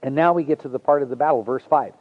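A man's voice: medium pitch, fast talker, narrow, tinny audio. A man preaching a sermon as a pastor, earnest and conversational, with folksy asides to the congregation.

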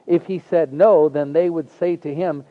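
A man's voice: a little high, fairly even intonation, normal speed, narrow, tinny audio. A man preaching a sermon as a pastor, earnest and conversational, with folksy asides to the congregation.

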